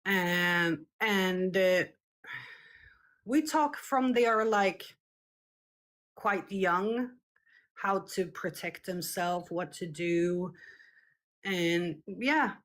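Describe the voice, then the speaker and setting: Slow, hesitant woman. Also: fairly low pitch, fairly bright tone. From Scandinavia. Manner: hesitant, searching for words, many fillers. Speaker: street interviewee. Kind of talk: casual conversation.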